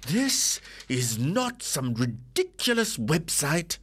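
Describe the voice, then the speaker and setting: A man voicing a shrill, excitable middle-aged Hindu housewife who shrieks in frantic outrage. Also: takes it slowly, slight background noise, exaggerated voice. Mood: outraged.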